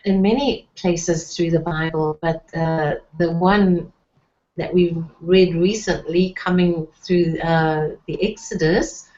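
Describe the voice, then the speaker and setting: A woman's voice: on the low side, steady tone, slow pace, a little mellow, lo-fi sound. A woman teaching a Hebrew lesson, patiently spelling out letters and sounds and saying prayers in Hebrew. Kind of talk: slow, deliberate Bible-language lesson.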